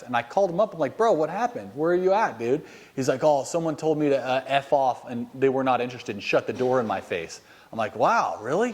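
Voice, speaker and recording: A man from the United States giving a motivational sales training talk to a group of trainees indoors. He speaks bluntly, swears freely, and tells stories with animated energy. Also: medium pitch. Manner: blunt, profane and animated storytelling. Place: inside a house, addressing a group of trainees.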